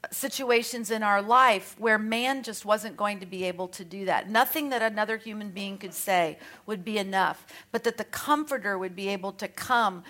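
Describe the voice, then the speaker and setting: With a medium-pitched, fairly bright voice, the Australian woman keeps a moderate pace and few pauses. She is a Bible teacher whose conversational, chatty take on scripture includes light self-mocking asides and readings aloud between remarks.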